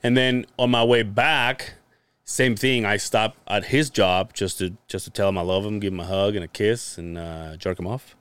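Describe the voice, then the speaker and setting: A man's voice: fairly low pitch, fairly even intonation, normal speed, a bit bright, clear, resonant tone, dry recording. A man hosting a podcast, telling a long rambling story in casual chat, swearing freely and full of fillers. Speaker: podcast host.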